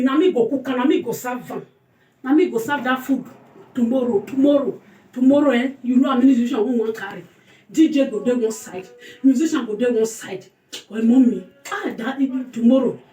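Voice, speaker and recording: A woman's voice: a little high, mellow. Effusive Nigerian woman, far from the mic. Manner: effusive, repetitive blessings, mixes pidgin with local language. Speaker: food channel vlogger. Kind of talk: casual birthday greeting to camera. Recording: roomy and distant from the mic.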